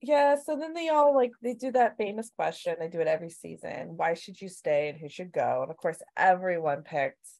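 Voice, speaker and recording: A woman in casual chat recapping a TV show, animated and swearing freely as she acts out quotes. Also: on the low side, brisk, vocal fry, few pauses. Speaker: podcast co-host.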